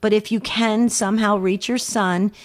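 Gentle, earnest woman radio counselor. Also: mid-range voice, steady tone, moderate pace. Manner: gentle, earnest, repeats words as she thinks. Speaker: radio show co-host and counselor. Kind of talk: call-in advice talk.

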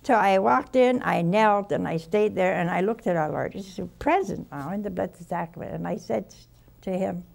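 An older nun gives an informal spiritual talk filled with personal stories, speaking in a folksy, unhurried way with sighs and soft asides. Her voice is mid-range with vocal fry.

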